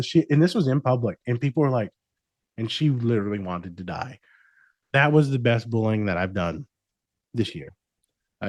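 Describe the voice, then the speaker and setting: A man's voice: medium pitch, normal speed, a little mellow, no room sound, studio quality. A man, a therapist guesting on a podcast, talking in a brash, profane, teasing way and laughing often. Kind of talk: casual podcast chat.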